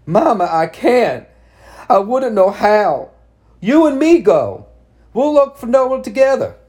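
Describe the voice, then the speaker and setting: A man's voice: sits high, big pitch swings, a little slow, darkish tone, voice pushed up. A man voicing a frightened young girl who pleads tearfully with her mother in a storybook reading. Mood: pleading.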